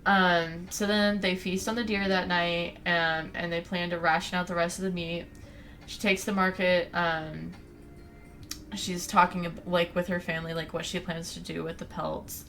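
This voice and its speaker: Chatty young woman, lively retelling. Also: fairly low pitch, normal speed, soft background music. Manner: chatty, animated retelling with quoted character voices. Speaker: podcast co-host recapping a book. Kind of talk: casual chat.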